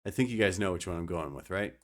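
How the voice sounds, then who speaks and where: A man's voice: low-pitched, expressive, quick pace, a bit bright. A young man streaming a card game, explaining his moves and joking with his chat. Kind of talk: casual gameplay commentary.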